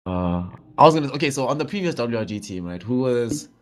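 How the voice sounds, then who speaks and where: A man's voice: mid-range voice, animated, brisk. A man co-hosting a casual gaming podcast, joking around with slang and laughing often. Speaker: podcast co-host.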